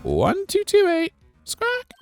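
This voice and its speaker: A man doing a shrill squawking parrot. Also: huge pitch swings, slow pace, faint music behind, exaggerated voice. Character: squawking female pet parrot repeating phrases.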